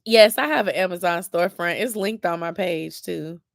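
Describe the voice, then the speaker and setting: Yawning and drowsy, a young woman who vlogs about lifestyle talks loosely with her viewers in a late-night chat. She speaks at a normal pace in a lowish voice with vocal fry, and the studio-quality recording is dry.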